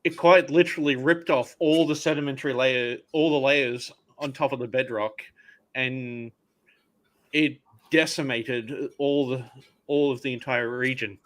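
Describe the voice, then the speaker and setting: A man's voice: mid-range voice, steady tone, measured pace. A man explaining things as a guest on a casual panel discussion, in a plain, matter-of-fact way.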